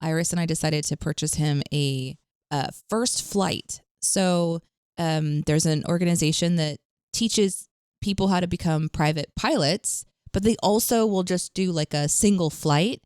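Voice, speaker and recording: A woman's voice: on the low side, unhurried, darkish tone, clean tone, no echo, clean studio sound. A woman co-hosting a podcast in casual chat, laughing often and talking to listeners, with a morning voice. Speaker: podcast co-host.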